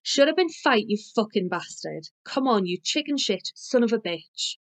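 Brief: woman doing a drunk, furious bar brawler; loud, cursing, hostile. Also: on the high side, very animated, moderate pace, no echo. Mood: enraged yelling. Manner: yelling, cursing, spitting insults. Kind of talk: audiobook reading.

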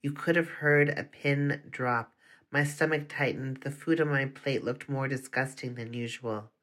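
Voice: medium pitch, steady tone, unhurried, fairly bright tone. An audiobook narrator telling a first-person story in an earnest, confessional manner.

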